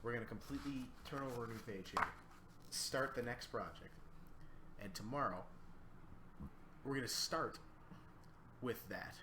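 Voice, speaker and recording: A man's voice: mid-range voice, normal speed, pauses often. A man streaming from his apartment, thinking aloud in a casual livestream chat while sleepy and yawning. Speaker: streamer composing music. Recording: echoey room, faint background noise.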